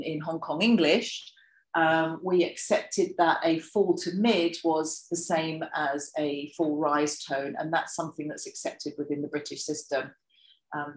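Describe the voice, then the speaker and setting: A woman giving an academic workshop talk, lively and animated, with many fillers and asides and a rising, expressive delivery when she acts out examples. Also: deep voice, normal speed, roomy sound, rough recording. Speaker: lecturer presenting research. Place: lecture room.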